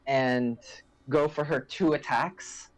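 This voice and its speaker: A woman taking part in a tabletop game, with a low voice and a slow, drawn-out pace. She stops and starts as she works out her moves, filling gaps with ums and likes. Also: fairly even intonation, a crowd in the background. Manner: hesitant, full of fillers. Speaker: player. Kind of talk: casual tabletop play.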